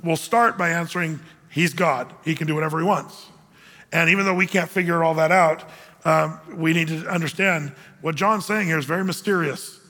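A man's voice: sits high, fairly bright tone. A middle-aged male pastor preaching a sermon in a conversational, self-deprecating way, often restarting his phrases. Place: church hall. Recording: long hall reverb.

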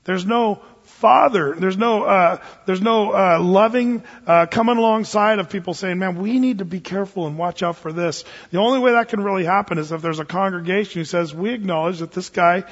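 A male pastor preaching a sermon in a relaxed, storytelling way, with frequent fillers and restarts. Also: high voice, fairly quick, few pauses. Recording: dull sound in a long-reverb hall.

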